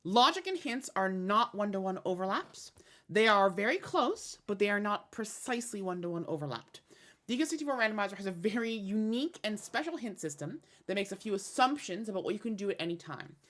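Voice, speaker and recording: A woman's voice: mid-range voice, animated, fairly quick, fairly bright tone. A woman getting over a cold, explaining game logic in a tutorial voice-over, with a slightly self-amused, explanatory manner. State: sick with a cold. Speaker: randomizer dev team member explaining hints.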